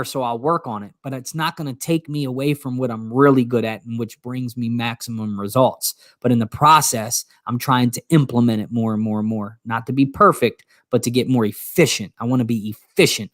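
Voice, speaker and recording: A man co-hosting a motivational talk, his voice at an average pitch. He speaks earnestly, often restarting his sentences. The recording is dry, with no room echo. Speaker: co-host.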